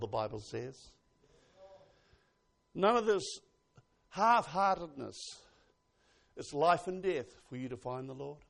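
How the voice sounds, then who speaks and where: A man preaching a sermon, swinging from hushed asides to loud exclamations and reading scripture slowly with emphasis. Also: on the high side, lively intonation, gravelly.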